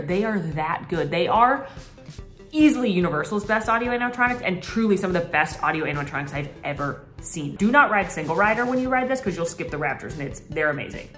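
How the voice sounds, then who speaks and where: A woman chatting excitedly about theme park rides with friends. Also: lowish voice, soft background music. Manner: excited, quick to laugh. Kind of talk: casual group chat.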